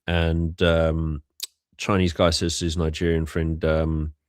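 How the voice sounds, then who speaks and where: A man's voice: rumbling low, monotone, takes it slowly, dry recording, clean studio sound. A young man from South Africa, hosting a casual livestream and telling stories with many fillers and restarts. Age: young adult. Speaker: host.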